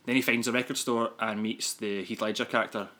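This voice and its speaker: A man's voice: fairly low pitch, steady tone, brisk, bright, forceful tone. A man co-hosting a podcast, rambling through a casual movie review with many fillers and frequent laughs. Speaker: podcast co-host.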